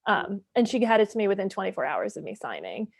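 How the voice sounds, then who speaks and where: A woman in her thirties, a guest author telling a story in a casual podcast chat, animated and full of "like". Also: medium pitch, fast talker, vocal fry, husky, no echo. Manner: animated storytelling, says "like" a lot.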